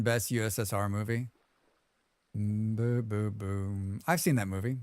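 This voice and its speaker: A man streams a survival game live, chatting casually in a smooth, medium-pitched voice on a dry recording. He is chatty, reads viewer comments aloud, and hums to himself as he plays.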